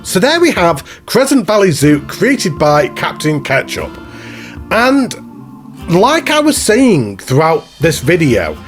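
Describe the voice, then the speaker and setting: A man giving chatty, rambling commentary while touring a zoo in a video game, often laughing at himself. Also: fairly high pitch. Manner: chatty, rambling, self-mocking. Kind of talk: casual gameplay commentary. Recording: faint background music.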